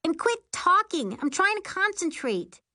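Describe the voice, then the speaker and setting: A woman's voice: very high-pitched, very animated, measured pace, sharp tone, pitched above the performer's own voice, full character voice. A woman voicing a snide, impatient teenage girl in an audiobook. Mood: snappish. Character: teen girl, sharp, snide older-acting sister.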